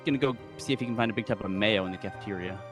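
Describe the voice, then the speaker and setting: A man's voice: fairly low pitch, racing, loud music behind the voice. A man playing a tabletop game, joking and easygoing. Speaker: player. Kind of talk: casual tabletop play.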